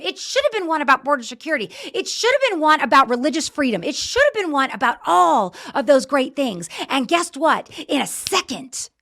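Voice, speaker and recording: A woman's voice: high voice, pushed and bright. A middle-aged woman hosting a political talk show, ranting in fiery, impassioned commentary.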